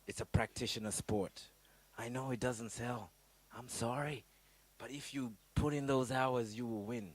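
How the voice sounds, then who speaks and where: A middle-aged African business coach leads a motivational workshop, his delivery swinging from loud, high bursts to low, quiet asides. There's no echo on the recording.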